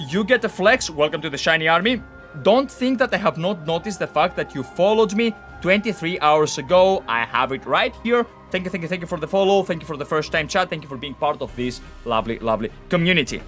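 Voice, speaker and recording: A man streaming a game, telling a story in animated, profane casual chat. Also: sits high.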